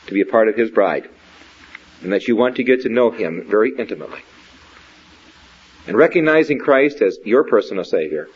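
A man giving a sermon in an earnest, questioning, measured way, speaking directly to a young believer. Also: lowish voice, slightly rough. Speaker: preacher. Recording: dull lo-fi recording.

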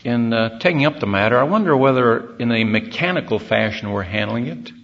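Gravelly man giving a slow sermon. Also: mid-range voice, lively intonation, fairly bright tone, lo-fi sound. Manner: measured, deliberate, with pauses and fillers. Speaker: speaker at a religious convention. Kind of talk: sermon-style Bible talk.

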